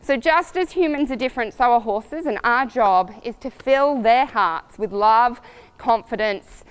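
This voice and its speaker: A woman riding coach giving upbeat, lively advice to riders in a coaching video. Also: on the high side, measured pace, smooth. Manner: lively and upbeat, acts out voices, laughs easily.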